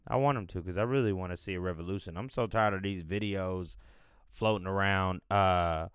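A man's voice: deep voice, brisk, smooth. A man hosting a podcast, talking in a loose, profane, rambling way as he thinks aloud. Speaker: podcast host. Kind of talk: casual rambling commentary.

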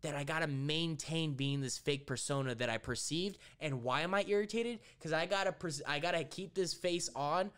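A man's voice: on the high side, moderate pace, hardly any pauses, clear, resonant tone. A young man chatting casually on a podcast, cursing constantly and acting out people's voices as he tells stories. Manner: profane, animated storyteller, acts out voices. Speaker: podcast co-host.

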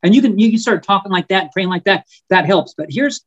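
A man, an author and guest on a podcast, talking in a fervent preaching style, often repeating words and slowing down on key words. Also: high-pitched, animated, highs cut off. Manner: fervent and emphatic, stretching key words slowly; frequent stumbles and repeated words. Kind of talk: preaching-style conversational talk.

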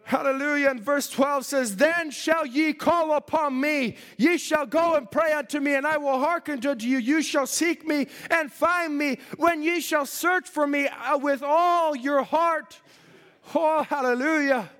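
A man delivers a fervent sermon, preaching and reading scripture in old-fashioned wording to a congregation. His voice sits unusually high for a man. The sound carries a long echo, as in a church hall. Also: unhurried, fairly bright tone.

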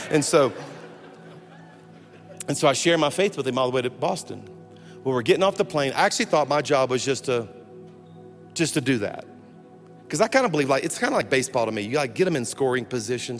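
A man preaching as a pastor, telling a funny personal story in an animated way and breaking off to restart his sentences. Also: medium pitch. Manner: animated, humorous, self-interrupting storyteller. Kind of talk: storytelling sermon. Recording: long hall reverb with faint music.

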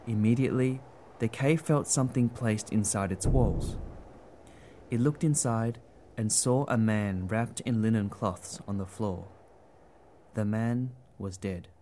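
A man narrating a storybook tale in a gentle, expressive way. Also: lowish voice.

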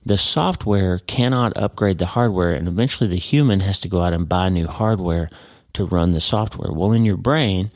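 A man's voice: sits low, moderate pace, a little mellow, no room sound, clean studio sound. A man hosting a podcast, giving an earnest devotional teaching and speaking to the listener as a friend. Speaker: podcast host.

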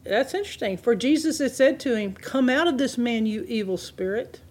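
A woman's voice: fairly high pitch, expressive, moderate pace, a little mellow. A woman preaching a sermon, reading scripture aloud and laughing often as she explains it.

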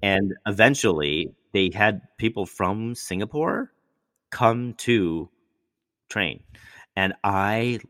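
A man's voice: fairly low pitch, slow, no echo. A middle-aged American actor chatting casually, telling stories and acting out the voices of people he quotes. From United States. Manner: animated, acts out quoted voices. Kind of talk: casual storytelling conversation.

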